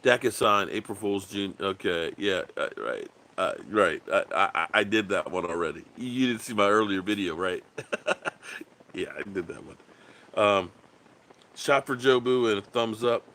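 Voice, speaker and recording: A man's voice: on the low side, lively intonation, normal speed, a bit bright, a little hiss or hum. A man hosting a casual sports livestream, rambling loosely, reading viewer comments aloud and swearing bluntly. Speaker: sports channel host.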